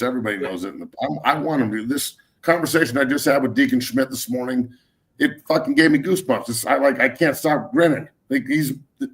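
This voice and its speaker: Male sports talk host, middle-aged, gravelly, heated profane ranting. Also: medium pitch, a bit bright. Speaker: podcast host.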